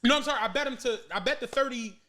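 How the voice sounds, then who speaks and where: A man's voice: very high voice, very fast, crowd noise. A man telling a long story in casual podcast chat, laughing often, swearing freely and acting out the voices of people he quotes. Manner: animated, laughing, profane, acts out quoted voices. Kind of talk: casual storytelling among friends.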